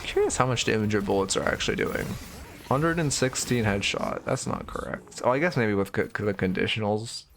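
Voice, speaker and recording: Low-voiced man giving blunt game coaching. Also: expressive, vocal fry, a bit bright, slight background noise. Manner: blunt, swears casually, quick opinionated asides. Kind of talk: casual live-stream coaching commentary.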